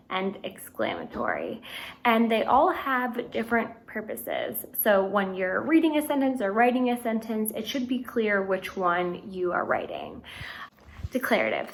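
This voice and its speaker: A woman teaching a recorded grammar lesson, explaining patiently and reading example sentences out slowly. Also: mid-range voice, poor audio. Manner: clear, patient explaining with slow read-out examples.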